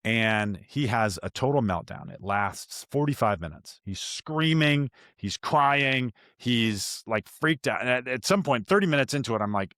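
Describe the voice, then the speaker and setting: A man of middle pitch speaks in a casual, self-questioning way, often restarting his sentences as he works through a memory. The sound is dry and close, with no room echo. He is a podcast host sharing his own story with a guest. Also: animated, measured pace, few pauses, a bit bright. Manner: candid, self-reflective, many restarts.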